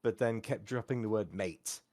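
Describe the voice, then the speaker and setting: A man with a somewhat low voice talks casually as a podcast co-host. He rambles, restarts and fills pauses with plenty of ums and likes. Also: mellow. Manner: rambling, many fillers and restarts. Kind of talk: casual chat.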